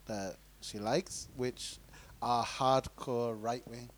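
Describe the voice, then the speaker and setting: A man's voice: medium pitch, steady tone, slow pace. A man co-hosting a casual podcast, rambling with many fillers and restarts. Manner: rambling, full of "like" and restarts, often laughing. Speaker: podcast co-host. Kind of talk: casual chat.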